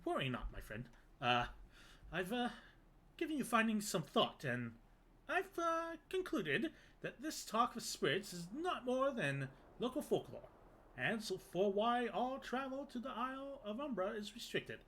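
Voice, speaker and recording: A man's voice: high-pitched, big pitch swings, a little slow, a bit bright, pitched above the performer's own voice, exaggerated voice, rough recording. A man voicing a fussy, long-winded woman scholar with prim, old-fashioned wording. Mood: flustered. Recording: game music behind.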